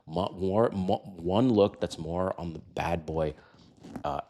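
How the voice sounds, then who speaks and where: A man's voice: sits low, slow pace, warm tone, slight background noise. An older man coaching other men on dating, blunt and direct, full of rhetorical questions. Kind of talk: direct-to-camera advice talk.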